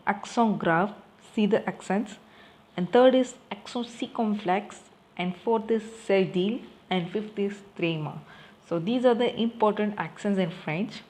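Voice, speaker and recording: A woman's voice: medium pitch, a little mellow. Woman teaching French, spelling out letters. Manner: slow and repetitive, spelling letters one by one and asking questions she answers herself. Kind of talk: recorded classroom lesson.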